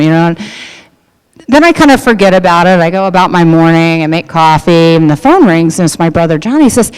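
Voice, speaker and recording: Expressive and fairly quick, with a smooth mid-range voice, a middle-aged produce business owner chats her way through a luncheon speech story, full of fillers and restarts. The big event hall adds a long reverb.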